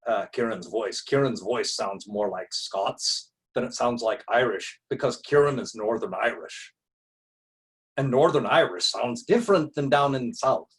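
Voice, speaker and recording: A man's voice: fairly low pitch, slightly rough. A man, a larp player, chatting eagerly on a group call and laughing often. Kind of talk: casual video call chat.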